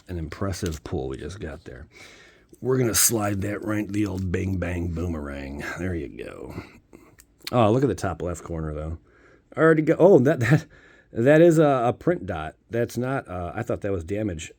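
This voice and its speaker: A man with a low voice opens trading card packs and chats to his viewers in a loose, jokey way. His pitch swings widely as he riffs and throws in goofy outbursts between rambling asides. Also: darkish tone, breathy edge. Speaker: card-opening YouTuber. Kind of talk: casual pack-opening commentary.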